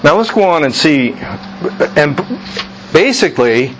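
Male Bible study teacher, measured and slow, repeats for emphasis; light room noise. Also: a little high, very animated. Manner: slow, deliberate, repeats key phrases for emphasis.

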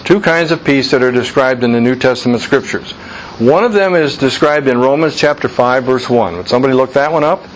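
A man's voice: medium pitch, a little fast, muffled recording, slight background noise. A man leading an informal Bible study, talking earnestly and conversationally, repeating his points for emphasis.

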